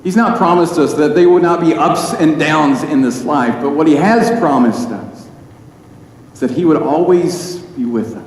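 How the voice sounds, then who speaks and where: A man preaching a sermon in earnest tones with dramatic pauses. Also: on the high side. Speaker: pastor. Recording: echoey hall with faint noise.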